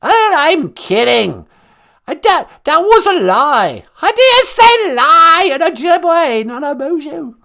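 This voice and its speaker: Man doing a shrill, bossy old English royal granny, loud falsetto, all over the place. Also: sing-song, slow pace, vocal fry, full character voice. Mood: chirpy. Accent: put-on English. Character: shrill scolding elderly royal grandmother.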